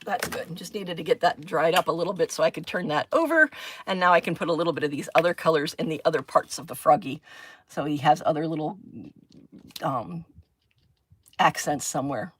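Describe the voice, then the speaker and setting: A woman's voice: sits low, a little fast, breathy edge. A woman chatting casually on a live stream while she crafts, thinking aloud, giggling and answering comments from her chat.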